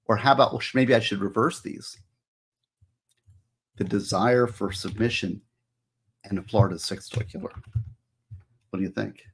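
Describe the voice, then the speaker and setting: A man's voice: lowish voice, normal speed, pauses often, breathy edge. A man hosting a casual livestream as an author, musing aloud and asking viewers for their opinions.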